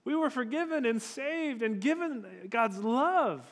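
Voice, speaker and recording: A man's voice: extremely high pitch, expressive, unhurried. A male pastor preaching a sermon in a church hall, conversational and emphatic. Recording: long hall reverb.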